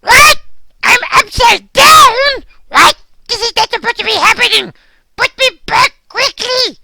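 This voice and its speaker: A woman voicing an excitable, anxious cartoon guard dog who stammers and repeats words in a panic. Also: extremely high pitch, normal speed, gravelly, dry recording, clean studio sound, exaggerated voice. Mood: alarmed. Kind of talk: children's cartoon voice acting.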